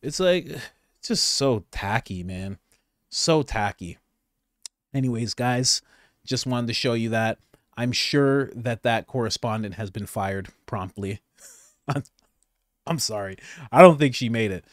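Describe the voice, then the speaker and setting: A man hosting casual political commentary, sarcastic and animated, rambling and restarting his sentences. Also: mid-range voice, slow pace, pauses often, no room sound, clean studio sound. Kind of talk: casual commentary on news clips.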